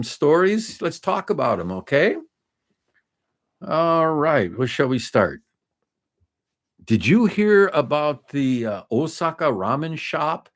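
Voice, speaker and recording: Man in his fifties, livestream host, casual rambling talk, mid pitch, chatty with viewers. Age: 50s. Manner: rambling, many restarts and fillers, chatty with viewers. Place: home desk, indoors.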